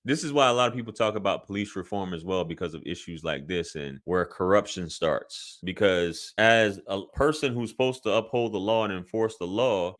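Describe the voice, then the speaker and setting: A man's voice: on the low side, fairly bright tone. A man hosting a commentary video, talking in an emphatic, indignant way. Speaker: host.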